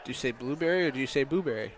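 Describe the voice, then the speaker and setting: A man's voice: mid-range voice, very fast, slight background noise. A man doing color commentary in a ballpark booth, laid-back and throwing in playful asides. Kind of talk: joking baseball color commentary. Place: outdoor ballpark broadcast booth.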